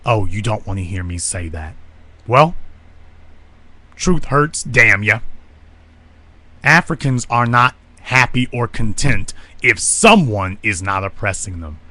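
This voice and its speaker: A man delivering a confrontational monologue broadcast as commentator, forceful and ranting. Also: lowish voice, animated, takes it slowly, long pauses. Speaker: online commentator.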